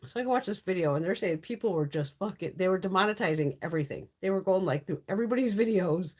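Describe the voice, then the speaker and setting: A woman's voice: fairly low pitch, lively intonation, fast, darkish tone. A middle-aged woman hosting a casual beauty live stream, chatty and blunt, swearing freely and laughing often.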